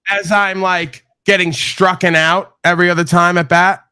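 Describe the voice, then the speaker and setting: Brief: sarcastic man in heated panel, bright tense tone, slightly raised pitch. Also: flat delivery, normal speed, clear, resonant tone, dry recording. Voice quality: sarcastic, combative. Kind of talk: heated online panel chat.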